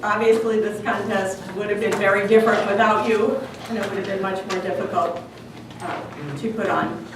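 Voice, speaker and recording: A woman's voice: mid-range voice, fairly even intonation, normal speed. A woman hosting a club speech contest, upbeat and laughing often as she hands out certificates. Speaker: contest host. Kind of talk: speaking at a club event. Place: meeting hall. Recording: echoey hall from far off with loud crowd noise.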